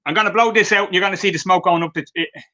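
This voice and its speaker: Racing along in a high, bright, forceful voice with a steady tone, an Irish man demonstrates his handmade crafts on a live video stream. The recording is muffled, and he chats through light-hearted stories with many fillers.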